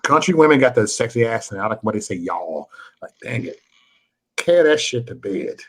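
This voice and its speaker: A man's voice: medium pitch, animated, fast, rough recording. A man hosting a late-night livestream, talking crude, boastful and petty, and repeating his phrases. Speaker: livestream host.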